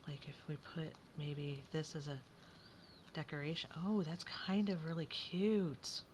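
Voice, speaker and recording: A woman's voice: low voice, measured pace, noisy background. A woman chatting casually as she works on a craft project, thinking aloud and often dropping to a whisper.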